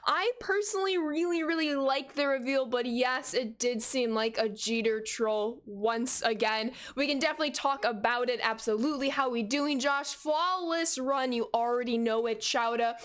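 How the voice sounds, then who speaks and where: Young woman, twenties, bright high voice, upbeat gaming streamer reading chat. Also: moderate pace, few pauses. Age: 20s. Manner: upbeat, greets chat viewers by name. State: out of breath. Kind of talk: casual live-stream chat.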